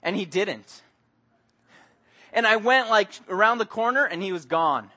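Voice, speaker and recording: A man preaches with a high, bright voice. He tells stories with energy and acts out the people in them as he goes. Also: a little slow. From Mexico. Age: adult with young son. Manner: animated storytelling, acts out voices. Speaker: pastor. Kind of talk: sermon.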